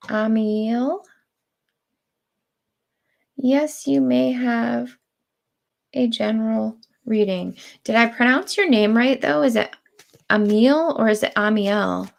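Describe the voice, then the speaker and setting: A woman giving spiritual readings on a live stream, speaking in slow, deliberate, drawn-out phrases. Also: a little high, gravelly. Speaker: spiritual reader.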